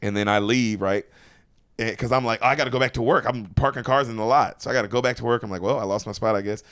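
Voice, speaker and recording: A man, a comedian guest, telling a story in casual chat, animated and profane, acting out voices. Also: medium pitch, fast talker, no echo, clean studio sound.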